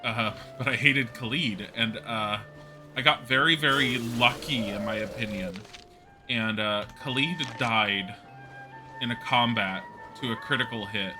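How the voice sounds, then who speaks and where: A man's voice: mid-range voice, unhurried, music in the background. A man chatting casually while streaming a game live, with fillers. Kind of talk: live gameplay commentary.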